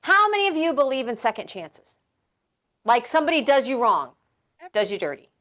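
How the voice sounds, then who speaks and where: Animated woman hosting a talk show. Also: fairly high pitch, a little fast. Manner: animated, sarcastic rhetorical questions. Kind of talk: casual political talk show.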